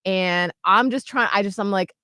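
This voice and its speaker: A woman in her thirties co-hosting a radio show, retelling a story in an animated, excitable way. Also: mid-range voice, normal speed, no echo, studio quality. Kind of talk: casual chat.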